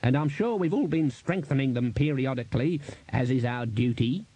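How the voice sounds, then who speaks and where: A man voicing a self-assured older male wizard who speaks in a measured way. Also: mid-range voice, expressive, mellow, husky, dry recording.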